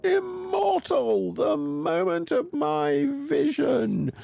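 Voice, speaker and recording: A tormented, obsessed diarist pours out his visions in a theatrical, gravelly voice, as a man reads him out. His delivery leaps and swoops wildly with a dark, mellow tone. Faint music plays behind. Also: extremely high pitch, big pitch swings, drawn-out words, pitched above the performer's own voice, heavily acted. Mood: anguished. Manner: theatrical, swooping dramatic reading.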